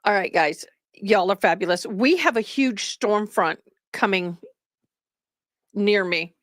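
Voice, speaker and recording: Woman, livestream host, tired, rambling chat, dry close sound, mid pitch. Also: lively intonation, slow, no echo. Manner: chatty, rambling, warm toward viewers. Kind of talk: casual chat with live viewers.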